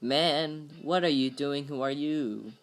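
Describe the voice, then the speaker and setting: A man's voice: on the high side, takes it slowly. A man voicing a stern, protective older male butler who speaks curtly and dismissively, in a parody dub of a film script. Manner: curt, dismissive.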